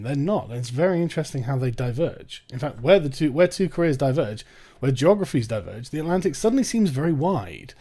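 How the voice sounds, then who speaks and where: Young man, English accent, sarcastic commentary, slightly high voice, swears casually. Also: a little mellow. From England. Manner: sarcastic, swearing, breaks into mocking put-on voices and laughs. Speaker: commentary channel host. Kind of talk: casual commentary reacting to a read article.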